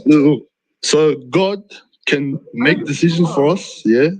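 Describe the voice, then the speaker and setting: A man calling into a live-stream debate, his voice slightly higher than most men's and recorded dry and close. He argues earnestly, repeating words and restarting his sentences as he goes. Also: slow pace, no echo, rough recording. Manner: repetitive, earnest, restarts often. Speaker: caller.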